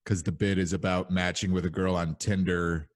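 Young male podcast host, very deep voice, loose rambling storyteller. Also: flat delivery, normal speed. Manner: rambling storyteller, many fillers. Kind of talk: casual chat.

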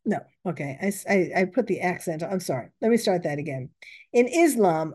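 A woman's voice: fairly low pitch, lively intonation, fairly quick, a little mellow, breathy edge. A woman commenting on news reports, reading out quotes and stopping to correct herself.

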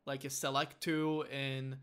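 A man hosting a podcast, chatty and quick to laugh in casual conversation. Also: mid-range voice, flat delivery, fairly bright tone, clean tone. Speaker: podcast host.

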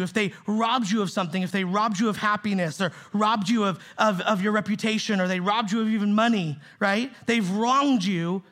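Preaching as pastor of a church in the Bay Area, a man speaks with a high, creaky, slightly bright voice. His sermon is emphatic yet conversational; he repeats key phrases and keeps asking "right?" and "see?"

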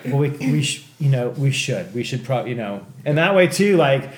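A man's voice: mid-range voice, normal speed. Profane man telling a wild story. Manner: profane, animated, acts out other people in the story. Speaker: podcast co-host. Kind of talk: casual storytelling. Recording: echoey room.

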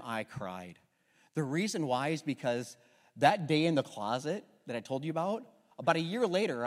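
A man preaching a sermon as pastor, passionate, moving from hushed, intimate moments to loud emphatic lines. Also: mid-range voice, in a large hall. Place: church sanctuary.

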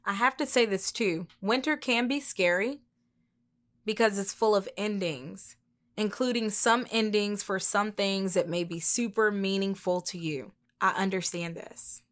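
A woman's voice: medium pitch, unhurried. A woman co-hosting a motivational podcast, talking in a casual, encouraging way and repeating key words for emphasis. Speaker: podcast co-host.

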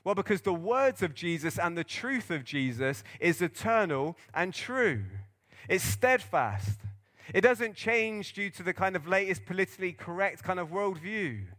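A male pastor preaching a sermon to his congregation in an earnest, animated storytelling manner. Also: high voice, normal speed.

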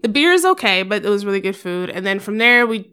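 A woman's voice: mid-range voice, very animated, fast talker, pushed and bright, clear, resonant tone. A young adult woman, a podcast guest, chatting casually and telling stories animatedly, acting out what people said. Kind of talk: casual chat.

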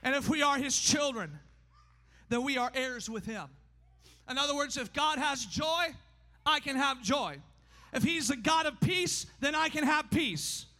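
A high-pitched man preaching in a church sanctuary, his voice ringing through a long hall reverb. His tone is bright and piercing, and he preaches emphatically, rising to shouts and slowing down for weight. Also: expressive. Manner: emphatic, often shouting, pace swinging fast and slow. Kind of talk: sermon.

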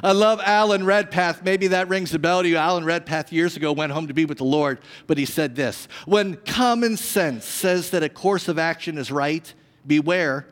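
A high-pitched male pastor preaching in a church, his voice carrying a long reverb through the hall. He moves dramatically between booming emphasis and hushed drops, with playful asides to the congregation. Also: moderate pace. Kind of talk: sermon.

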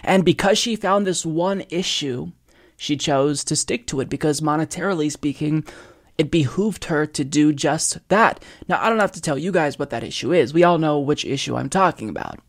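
A man delivers a political opinion monologue in a fairly high voice. He leans hard on his points and speaks directly to his audience. His voice sounds close and dry, with no room around it. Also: moderate pace, no echo. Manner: emphatic and persuasive, addresses viewers directly. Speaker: political commentary host.

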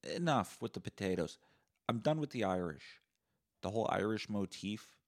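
A young man from Canada rants alone on his podcast, sarcastic and profane. His lowish voice swings widely in pitch as he works himself up. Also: moderate pace. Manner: sarcastic, profane, animated ranting. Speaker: podcast host. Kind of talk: solo comedic rant.

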